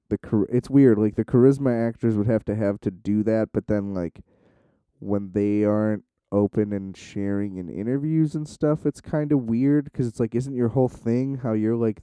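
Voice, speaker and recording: A young man with a very dark, mellow voice, rambling loosely into a close, dry mic. He swears freely and keeps restarting his sentences, talking casually to the camera. His voice sits a little low and comes across smooth. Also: no echo. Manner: loose, profane, full of "like" and restarts. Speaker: vlogger.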